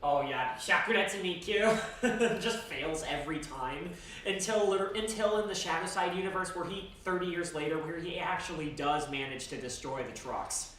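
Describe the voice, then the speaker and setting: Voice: medium pitch, moderate pace, fairly bright tone. Rambling streamer in a very echoey room. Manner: rambling, with frequent restarts and laughs. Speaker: game streamer. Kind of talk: casual chat while gaming. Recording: very echoey, distant, background noise.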